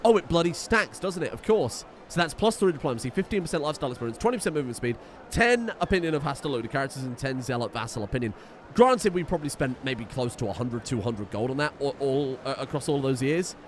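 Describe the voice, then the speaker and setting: A man's voice: mid-range voice, lively intonation, fast talker, slight background noise. A man casually commenting on a strategy game, thinking aloud and reading the game's text. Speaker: gaming video host.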